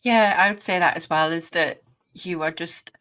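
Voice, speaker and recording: A woman's voice: on the low side, normal speed. A woman co-hosting an interview, chatting casually and laughing often. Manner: warm, giggly, encouraging. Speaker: podcast co-host.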